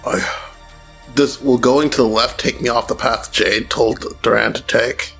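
A man playing his character in a tabletop game, quiet and earnest. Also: mid-range voice, fairly even intonation, a little slow, gravelly, soft background music. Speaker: player. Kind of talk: in-character role-play.

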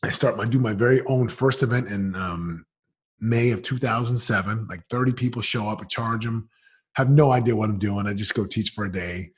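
A man's voice: lowish voice, moderate pace, breathy edge. A man in his forties, a podcast guest telling his story candidly in an emphatic, casual, slangy way.

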